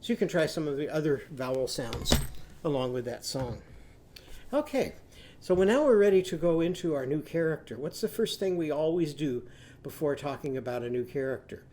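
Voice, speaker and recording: A man teaching young children a phonics lesson, patiently prompting them to repeat after him and sounding out words slowly. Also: a little high, lively intonation, a little mellow, a little hiss or hum. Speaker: literacy teacher.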